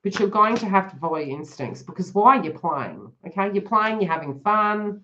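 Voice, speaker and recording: A woman's voice: mid-range voice, animated, normal speed, a bit bright, a little hiss or hum. Chatty woman giving a live reading. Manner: chatty, laughs often, addresses viewers by name. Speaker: tarot reader hosting a live stream. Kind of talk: live stream reading to chat. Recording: dull lo-fi live stream audio.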